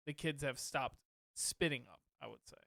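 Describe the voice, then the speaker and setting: A man's voice: medium pitch, normal speed, creaky, sharp tone, no room sound, clean studio sound. A man co-hosting a podcast, chatting casually and animatedly about parenting. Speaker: podcast co-host, father. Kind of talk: casual chat.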